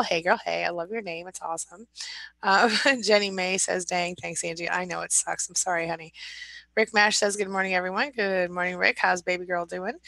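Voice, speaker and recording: A woman hosting a casual live chat, reading viewer comments aloud and answering each one in a warm, supportive way. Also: lowish voice, creaky, no echo, low-quality recording. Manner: chatty and supportive, reads comments aloud then responds. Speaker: live-stream host and recovery coach.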